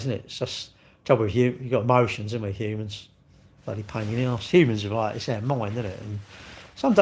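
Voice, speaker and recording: A man's voice: mid-range voice, darkish tone. A man, chatting casually on a live stream and telling rambling, sweary stories while answering viewers. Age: 60s.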